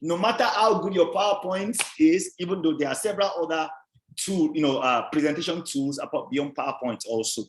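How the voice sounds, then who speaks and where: A man lectures on presentation skills, punching his emphasis and repeating himself to drive points home. His voice sits a little high for a man. The recording carries a roomy echo. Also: brisk, a little hiss or hum. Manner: emphatic, repeats key words, quizzes the class. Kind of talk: revision class lecture. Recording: roomy echoey sound.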